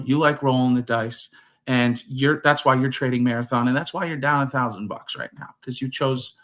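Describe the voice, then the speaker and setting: A man hosting a trading talk show, explaining casually and acting out his talks with clients. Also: medium pitch. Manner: animated, acts out quoted conversations. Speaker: show host.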